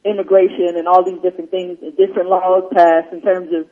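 A man's voice: high-pitched, flat delivery, a little fast, narrow, tinny audio. A man joining a radio show, talking loosely in a rambling, restart-heavy way. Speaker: radio co-host. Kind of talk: casual on-air discussion.

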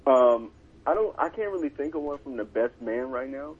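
A man's voice: mid-range voice, animated, normal speed, phone-quality sound, slight background noise. A man in casual chat as a podcast co-host, chiming in with short remarks and joining in on quoted lines.

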